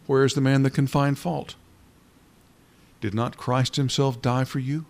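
Earnest male preacher, fervent and halting. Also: mid-range voice, flat delivery, darkish tone. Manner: restarts and halting repetitions. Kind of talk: sermon.

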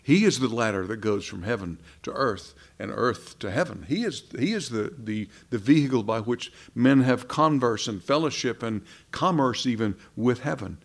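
Gravelly-voiced impassioned male preacher. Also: medium pitch, expressive, normal speed, few pauses. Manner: impassioned, rising and dropping to soft. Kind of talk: sermon.

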